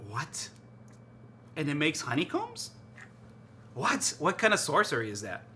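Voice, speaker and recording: A man chatting casually to his stream while cooking in his kitchen, excitable and rambling, often repeating himself. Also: on the high side, measured pace, a little hiss or hum. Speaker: live streamer. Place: home kitchen.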